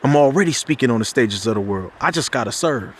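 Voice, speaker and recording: A man giving an impassioned spiritual talk, loose and conversational, with slang and restarts. He climbs sharply in pitch whenever he drives a point home. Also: expressive, fast talker, a little hiss or hum. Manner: preachy, rises sharply in pitch when making a point. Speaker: motivational speaker.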